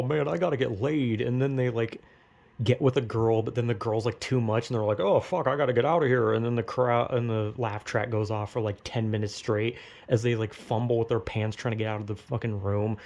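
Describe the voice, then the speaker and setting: A man's voice: medium pitch, creaky, a little mellow. A young man in a casual comedic rant, rambling and swearing, acting out crowd reactions in exaggerated voices. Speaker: vlogger ranting.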